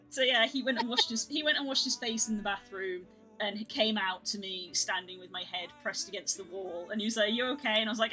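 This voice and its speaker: Bright-voiced woman telling a story. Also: fairly high pitch, brisk, hardly any pauses, soft background music, poor audio. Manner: animated storytelling, swearing, laughing often. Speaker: streamer host. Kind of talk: casual chat.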